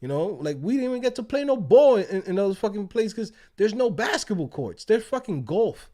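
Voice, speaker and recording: A man's voice: high-pitched, normal speed. A man, hosting a casual livestream, telling stories with lots of swearing and laughter. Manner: animated, profane, laughing storyteller. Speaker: livestream host. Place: outdoors.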